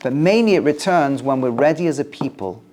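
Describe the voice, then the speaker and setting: Speaking fairly quickly, a male rabbi delivers an animated Torah lesson to his class. Emphatic points climb in pitch, while Hebrew verses come out in a soft, low recitation.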